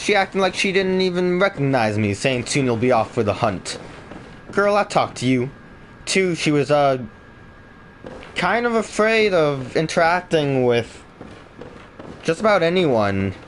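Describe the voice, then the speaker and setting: A man's voice: a little high, sing-song, a little slow, long pauses, a little hiss or hum. Joking man commenting on his game. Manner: joking, sarcastic, casual. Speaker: let's play host. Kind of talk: gaming commentary. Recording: game music underneath.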